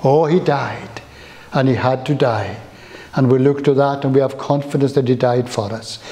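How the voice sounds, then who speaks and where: A man preaching a sermon in a church, slow and emphatic, with rising exclamations. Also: mid-range voice, fairly even intonation, warm tone.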